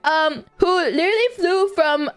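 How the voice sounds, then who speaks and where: A woman's voice: very high-pitched, moderate pace, faint music behind. A woman streamer chatting casually, rambling with many fillers and frequent giggles. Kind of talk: casual chat.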